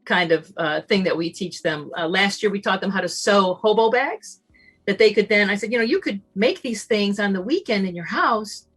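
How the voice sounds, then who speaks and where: Animated woman, faint music. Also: mid-range voice, normal speed, slightly rough. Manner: emphatic and animated, acts out dialogue in shifting voices. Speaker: summit guest speaker. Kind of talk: casual talk, motivational.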